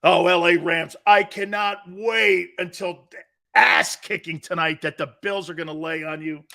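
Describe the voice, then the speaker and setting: A man hosts a live sports talk show in a brash, trash-talking way, often breaking into laughter. His voice sits high for a man and has a bright, forceful edge. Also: fairly even intonation, measured pace, creaky. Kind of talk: live sports radio show reading listener chat.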